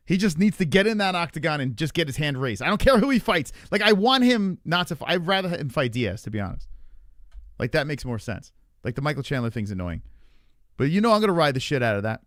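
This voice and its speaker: A man's voice: on the high side, very animated, fairly quick, a bit bright, no room sound. Profane ranting male streamer, dry sound. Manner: profane, ranting, reacts to chat. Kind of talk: livestream fight talk.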